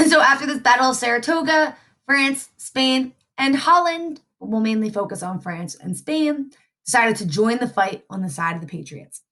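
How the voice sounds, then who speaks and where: A woman teacher from the Mid- reviews a history lesson in a chatty way, frequently checking in with tag questions like "right?" Her voice is a little high and a bit bright, at normal speed.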